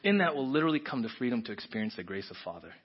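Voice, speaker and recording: A male pastor preaching a conversational, emotional sermon. He swings from hushed whispers to loud, emphatic bursts, with frequent restarts. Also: medium pitch, very animated, racing. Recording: dull, muffled recording.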